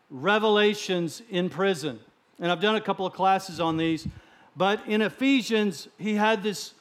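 A man from Texas, a guest speaker, preaching a sermon in a joking, conversational way in a church. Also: high-pitched. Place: church sanctuary.

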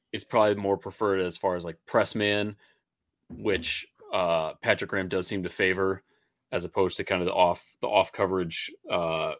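Deep voiced guy on a sports podcast, chatty, breaks stuff down, lots of uhs. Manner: chatty, analytical, fillers and repeats. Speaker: podcast co-host. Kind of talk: casual sports podcast chat.

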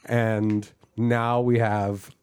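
Deadpan man riffing crude comedy. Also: fairly low pitch, very slow, clean tone. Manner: deadpan absurd storytelling. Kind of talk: crude improvised comedy banter.

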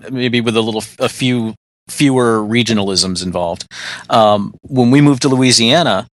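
A man's voice: medium pitch, moderate pace, no room sound. An American man co-hosting a podcast, talking at length in casual chat and laughing often. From United States. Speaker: podcast co-host.

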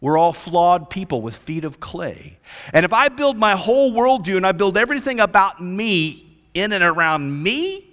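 A male pastor preaching a sermon, swinging between loud emphasis and hushed lines. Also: high-pitched, very animated, normal speed. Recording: long reverb of a large hall.

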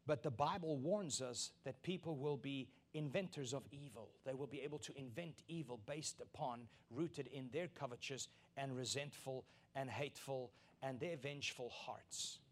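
A man preaching a sermon as pastor, emphatic and repeating key lines, building to loud peaks. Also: mid-range voice, normal speed, hardly any pauses.

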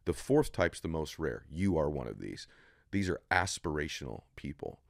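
A man's voice: extremely low pitch, very animated, normal speed, gravelly, no room sound, clean studio sound. A middle-aged man speaking in a motivational interview, emphatic and preacherly, building to intensity. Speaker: podcast guest. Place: studio room.

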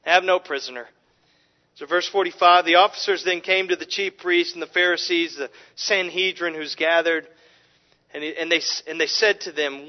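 Animated preacher man, lo-fi recording. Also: fairly high pitch, moderate pace. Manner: animated, repeats words as he restarts. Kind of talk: expository sermon. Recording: lo-fi dull recording.

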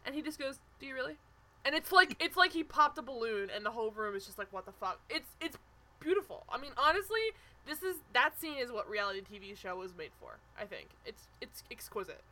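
A young woman co-hosts a podcast, chatting casually about a reality show. She's animated, full of "like" and quick restarts, and her voice sits on the high side.

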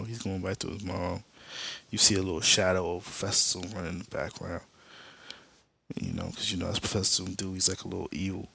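A man with a low, gravelly voice walks through a comic book plot in an offhand, slangy way. He drops in spoken sound effects as he goes. The talk stays loose and conversational, like a podcast recap. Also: fairly bright tone. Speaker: podcast host.

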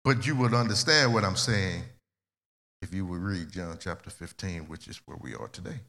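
Bright-voiced preacher man in a reverberant hall. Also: low-pitched, normal speed. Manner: conversational preaching, repeats phrases, swings loud and soft. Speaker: pastor. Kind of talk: sermon.

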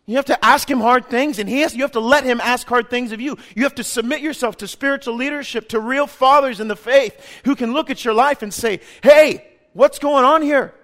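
High-voiced man preaching with fervor. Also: fairly quick, few pauses. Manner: impassioned, swings from hushed to loud. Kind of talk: sermon.

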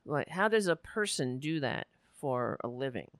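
A woman hosting a live talk show, rambling emotionally and close to tears, often trailing off into quiet murmurs. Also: extremely low pitch, animated, normal speed, no room sound. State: near tears. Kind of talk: casual on-air monologue.

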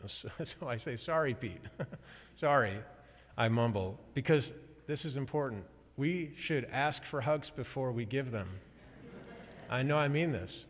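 Halting, heartfelt man in a hall. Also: mid-range voice. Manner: slow, halting, emotional storytelling with pauses. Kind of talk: personal sermon to a congregation. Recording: long hall reverb.

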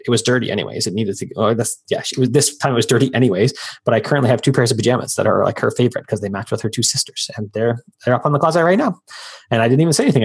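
A man in his thirties talks fast in a casual podcast chat, and his voice has a gravelly edge. He keeps telling stories and acts out the quotes in them. The tone stays husky throughout. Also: medium pitch. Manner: fast, storytelling with acted-out quotes. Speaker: guest, freelance business owner.

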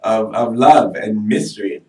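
A man speaking as a podcast guest, candid and joking and quick to mock himself. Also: fairly low pitch, over a noisy crowd. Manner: candid, joking, self-mocking. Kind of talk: casual podcast chat. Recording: roomy, mic at a distance.

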